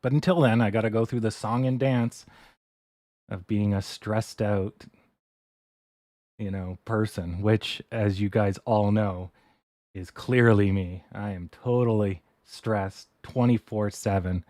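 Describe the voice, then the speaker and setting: Low-voiced man ranting on a livestream. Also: steady tone, slow pace, darkish tone, no echo, clean studio sound. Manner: exasperated ranting with sighs and swearing. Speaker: stock livestream host. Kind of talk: casual live-stream chat.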